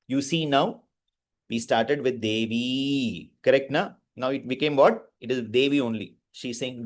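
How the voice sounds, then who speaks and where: A man's voice: mid-range voice, a little slow. A man teaching Sanskrit pronunciation, drilling verses syllable by syllable with short explanations. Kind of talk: pronunciation lesson, call-and-repeat recitation.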